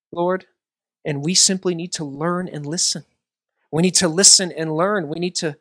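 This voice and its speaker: A man's voice: a little high, a bit bright, no room sound. A middle-aged male pastor preaching a sermon, talking conversationally and self-deprecatingly before an earnest prayer.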